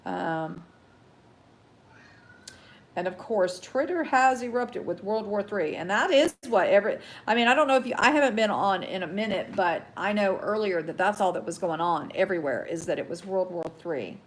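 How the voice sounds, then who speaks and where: A woman hosting a casual live news show, reading headlines haltingly with many ums, chatting to viewers and getting heated about the news. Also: mid-range voice, expressive, a little hiss or hum. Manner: reads haltingly with many ums, greets chat viewers, gets heated and worked up. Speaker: host.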